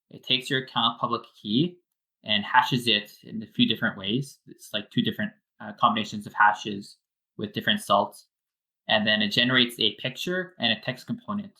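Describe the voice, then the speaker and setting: A man's voice: on the low side, sharp tone, low-quality recording. A man, a wallet developer, giving a casual technical explanation step by step with many fillers.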